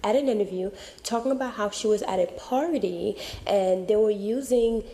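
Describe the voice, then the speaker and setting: A woman hosts her vlog in a chatty way, speaking straight to her viewers. Her voice is mellow with some gravel, and a long reverb trails behind it. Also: medium pitch, moderate pace. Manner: chatty, addresses viewers as y'all. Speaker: channel host. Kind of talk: casual vlog talk.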